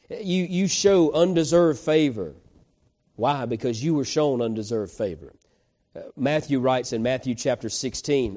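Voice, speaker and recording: A man's voice: mid-range voice, warm tone. A man preaching a folksy, conversational sermon, acting out the voices in a Bible story. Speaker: pastor.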